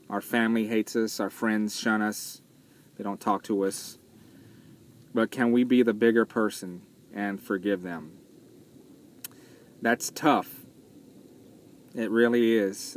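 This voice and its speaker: A man's voice: on the low side, a little hiss or hum. A man talking casually and earnestly as a vlogger, hesitating with fillers and restarts as he retells a film. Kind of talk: casual spoken commentary.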